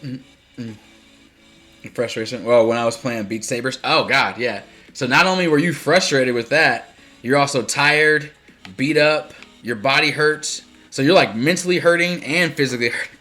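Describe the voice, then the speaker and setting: Bright-voiced male gamer rambling on stream. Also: mid-range voice, moderate pace, soft background music. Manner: chatty, rambling, laughs often, answers chat. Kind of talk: casual gameplay commentary.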